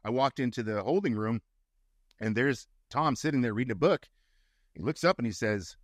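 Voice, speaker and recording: A middle-aged male actor appears as a guest in a casual interview, telling stories and acting out the quotes as an animated storyteller. His medium-pitched voice moves at normal speed in a dry, studio-quality recording.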